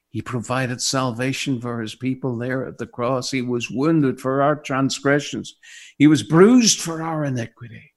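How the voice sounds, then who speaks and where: Middle-aged Northern Irish pastor, emphatic, heartfelt sermon delivery for radio listeners. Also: male voice, medium pitch. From Northern Ireland. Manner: emphatic and heartfelt, rising and falling.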